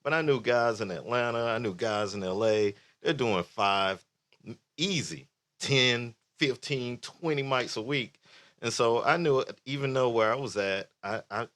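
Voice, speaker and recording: A man's voice: mid-range voice, expressive, normal speed, fairly bright tone. A man in his thirties, a comedian, talking in a wry, self-mocking way in a casual chat. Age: 30s. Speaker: comedian guest.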